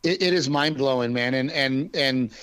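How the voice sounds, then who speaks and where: A male stand-up comedian from Texas, chatting casually and joking in an interview, with quick restarts. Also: medium pitch, a bit bright, clean tone, no room sound.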